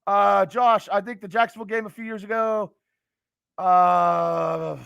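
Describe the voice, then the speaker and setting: A man's voice: high voice, steady tone, measured pace, creaky, a bit bright, smooth, no echo, highs cut off. A man hosting a fan stream from home, ranting in frustration about a lost game, stammering and cursing as he reads viewers' comments. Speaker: fan show host. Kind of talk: late-night live stream rant.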